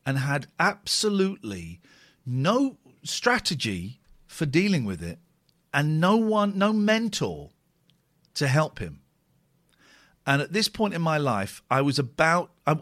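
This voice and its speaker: A man's voice: on the high side, fairly bright tone. A British man in his forties, chatting casually and sardonically as he reacts to old clips of himself on a live stream. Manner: chatty, jokey, sardonic, rambling with repetitions.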